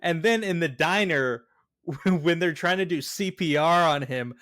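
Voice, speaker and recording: Guy co-hosting a movie podcast, kinda high voice, chatty, acts out the lines. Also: measured pace, fairly bright tone. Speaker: podcast co-host. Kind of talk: casual movie chat.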